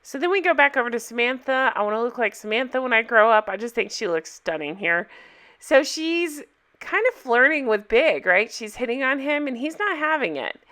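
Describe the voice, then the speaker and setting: A young woman recapping a TV episode in a casual, chatty vlog, enthusiastic and quoting lines in lively voices. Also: on the high side, moderate pace.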